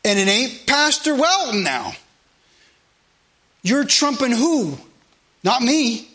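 In a church sanctuary, a pastor delivers a sermon in a high, ringing, sing-song voice that sounds pushed and bright, at a slow pace. He is earnest and conversational, returning to repeat his points and dropping in plain asides.

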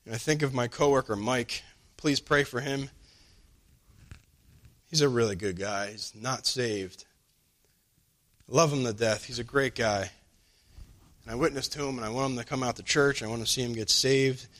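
Preaching in a loose, everyday manner, this middle-pitched man keeps a moderate pace with long pauses. Important lines get a slower, weightier delivery, while the characters in his stories come alive through animated jumps up in pitch.

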